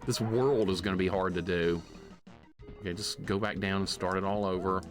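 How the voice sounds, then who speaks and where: A man live-streaming a retro game, excitable and jokingly grumpy as he rants at his chat. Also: low voice, moderate pace, soft background music. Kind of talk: casual live-stream commentary.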